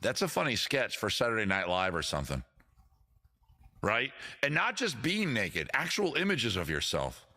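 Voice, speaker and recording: A man with a baritone voice, hosting his own live stream and joking about himself in loose, rambling banter between songs. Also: huge pitch swings, normal speed, bright, forceful tone. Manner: self-deprecating, chatty, jokey. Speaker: host and guitarist of a live stream show. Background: his own guitar.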